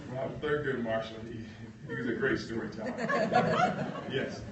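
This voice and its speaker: A man, an author, telling a story at a lecture in an animated way, acting out voices. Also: medium pitch, normal speed, very noisy. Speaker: author giving a talk. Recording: roomy lecture hall, mic at a distance.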